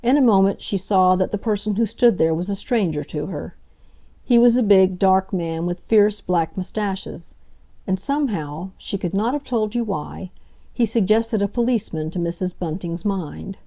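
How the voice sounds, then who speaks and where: A woman with a mellow, mid-range voice narrates a classic novel as an audiobook. Her storytelling is measured and dramatic.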